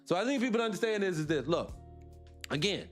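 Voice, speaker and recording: A male morning-show host delivers a heated livestream monologue in a high voice. He drifts off on tangents, laughs to himself, then snaps back with question after question for his listeners. Faint music plays in the background. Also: lively intonation, brisk. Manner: impassioned, fires rhetorical questions at listeners; digresses, laughs between points.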